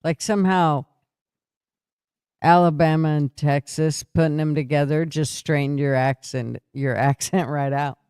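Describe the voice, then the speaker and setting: Slow-talking older man with a clear voice. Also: a little high, fairly even intonation, a little mellow, no room sound, clean studio sound. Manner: slow, laughs a lot. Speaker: podcast host. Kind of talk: casual chat.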